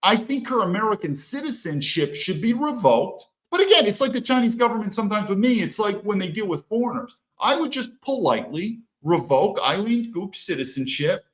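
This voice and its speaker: A man delivers a heated, profane solo rant to his stream audience. His pitch swings widely and sits a bit high for a man, and he often stumbles and restarts his sentences. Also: sing-song, fairly quick, hardly any pauses, rough recording. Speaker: livestream commentator. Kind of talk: solo political commentary stream.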